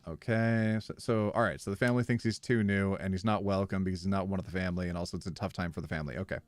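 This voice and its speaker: A man's voice: sits low, no room sound. Playful man reading posts on stream. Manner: playful, laughs easily, wry asides. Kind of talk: casual reading of online posts with commentary.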